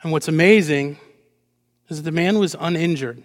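A man preaching a lively sermon as pastor, asking the congregation rhetorical questions and acting out short quotes with playful energy. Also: fairly high pitch, moderate pace. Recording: long hall reverb.

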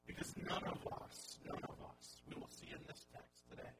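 A male pastor giving a sermon in a conversational style with wry asides, over a recording with hum and noise. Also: normal speed. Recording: audible hum and background noise.

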